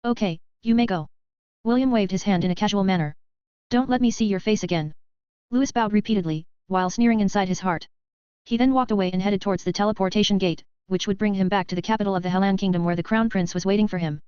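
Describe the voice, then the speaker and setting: A woman reading a web novel as an audiobook in a quick, even narration with barely changed character voices. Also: mid-range voice, clean tone, no echo. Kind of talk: scripted narration. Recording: slightly dull, dry sound.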